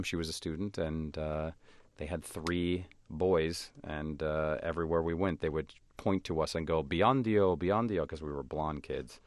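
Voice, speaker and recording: Low-voiced man telling animated stories. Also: no room sound, clean studio sound. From United States. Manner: animated storyteller who acts out voices of others. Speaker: actor and comedian guest. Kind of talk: conversational interview.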